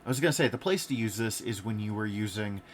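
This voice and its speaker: A man co-hosting a podcast, candidly telling personal stories in a relaxed conversational way. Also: on the low side, fast, slight background noise. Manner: candid, storytelling, laid-back. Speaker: podcast co-host. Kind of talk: casual podcast discussion.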